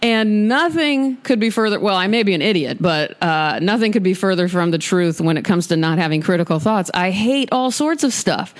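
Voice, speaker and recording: A woman's voice: medium pitch, animated, moderate pace, hardly any pauses. A woman podcast host in her studio, chatting candidly and emphatically between poetry readings. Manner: candid, emphatic, self-deprecating. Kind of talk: casual chat and poetry reading.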